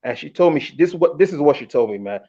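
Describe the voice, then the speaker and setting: A man's voice: on the high side, fast. Candid man telling a story, muffled. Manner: animated, candid, acts out quotes. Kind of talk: casual storytelling. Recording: muffled lo-fi audio.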